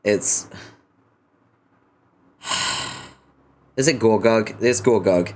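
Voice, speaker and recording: A man's voice: sits low, a little slow, slight background noise. A young man streaming a read-through, chatting casually with his viewers and swearing freely. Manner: sweary, chatty asides to chat. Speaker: streamer reading a webcomic aloud. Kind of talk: casual live-stream chat.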